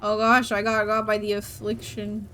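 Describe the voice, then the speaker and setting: A woman's voice: medium pitch, completely flat delivery, normal speed, fairly bright tone, a little hiss or hum. A young woman streaming a game, chatting casually, giggling and reacting to chat as she plays. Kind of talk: casual gameplay commentary.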